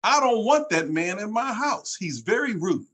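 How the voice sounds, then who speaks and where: Man voicing an angry wife, shrill and demanding, yelling, lively pitch. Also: moderate pace. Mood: yelling indignant.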